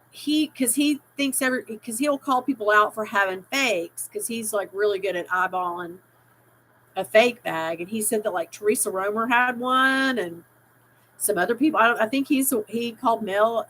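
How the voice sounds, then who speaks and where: A woman's voice: fairly high pitch, bright, forceful tone, rough recording. A middle-aged woman hosting a casual live stream, rambling and reading out viewers' chat comments with easy laughter. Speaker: livestream host.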